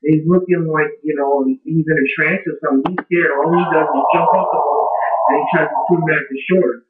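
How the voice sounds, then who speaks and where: A man's voice: on the high side, steady tone, brisk, heavy background noise. A man casually retelling a horror story, rambling with lots of fillers. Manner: rambling, many fillers like "you know". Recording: tinny, echoey, from a distance.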